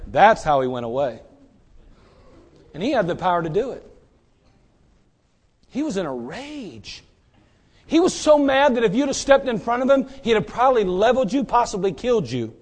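Animated high-voiced male preacher. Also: normal speed, long pauses. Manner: dramatic, acts out biblical figures, swings from loud to hushed. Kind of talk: sermon.

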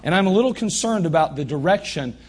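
A man's voice: a little high, lively intonation, fast talker, slightly rough. A man preaching a sermon as pastor in a church, emphatic and repeating his phrases for stress. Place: church sanctuary.

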